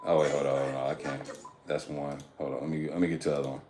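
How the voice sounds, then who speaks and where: A man's voice: extremely low pitch, level tone, fast, a little mellow, soft background music. A man chatting loosely on a live stream, slangy, profane and rambling. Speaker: fitness streamer. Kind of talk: casual live-stream chat.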